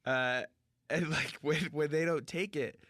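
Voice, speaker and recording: Male podcast co-host, bright tone, casual sarcastic recap, dry sound. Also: fairly high pitch, steady tone, a little slow, no room sound. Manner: rambling, recapping with playful sarcasm. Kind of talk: casual comedic chat.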